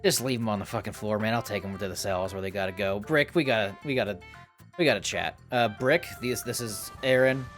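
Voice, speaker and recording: A man voicing a harried male guild leader who keeps the peace with pleading, swearing shouts. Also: lowish voice, fairly quick, faint music behind, pitched below the performer's own voice, lightly acted. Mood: casual.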